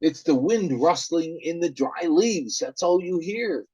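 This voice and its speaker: A man reading aloud as a worried father who tries to calm and reassure his frightened son. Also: on the high side, a little slow, slightly rough, voice pushed up. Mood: soothing. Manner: soothing, reassuring.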